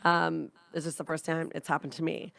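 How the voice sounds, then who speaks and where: A woman's voice: sits low, brisk, gravelly, dry recording. A young woman from Canada, co-hosting a podcast and telling a long rambling story in casual chat, swearing now and then. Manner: rambling, animated anecdotes with frequent swearing. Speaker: podcast co-host.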